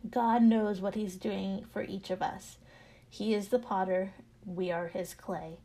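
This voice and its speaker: A woman podcast host telling a devotional story in a calm, reflective manner. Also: medium pitch.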